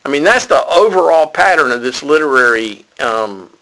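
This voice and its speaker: A man teaching an informal Bible study in a conversational, unscripted way. His voice has a gravelly texture with a bright, forward tone. He gets animated when he drives a point home. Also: a little high, normal speed, low-quality recording.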